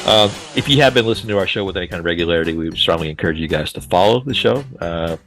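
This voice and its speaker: Deep-voiced laid-back podcast host. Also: male voice, animated, rapid-fire, a bit bright. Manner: easygoing, chuckles between remarks. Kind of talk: casual chat.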